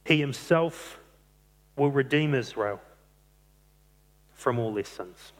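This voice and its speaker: A man's voice: medium pitch, animated, slow pace. A man preaching a sermon, earnest, stretching out key phrases for emphasis. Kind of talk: sermon on a psalm. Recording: long hall reverb.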